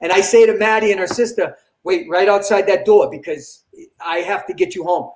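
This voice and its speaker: An older man, a comedian guest, telling an animated story in an interview and acting out the dialogue. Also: sits high, brisk, a little hiss or hum. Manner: animated, acts out quoted dialogue. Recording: roomy echo.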